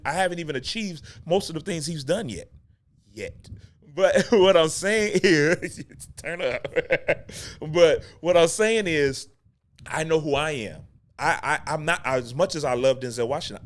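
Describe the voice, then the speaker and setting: A man hosting a show as an acting coach, teaching in a casual spoken monologue that often repeats key phrases and restarts sentences. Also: on the high side. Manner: laughs between points.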